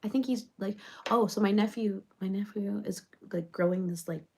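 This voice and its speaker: A woman's voice: medium pitch, normal speed, gravelly, warm tone, a little hiss or hum, lightly acted. A woman playing a rambling reality-show personality in a comedic parody monologue, chattering on with loads of fillers.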